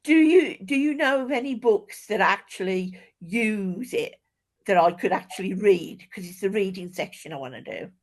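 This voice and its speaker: A woman's voice: mid-range voice, animated, moderate pace. A woman taking part in an online writing workshop, asking hesitant, self-deprecating questions over a video call. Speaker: workshop participant.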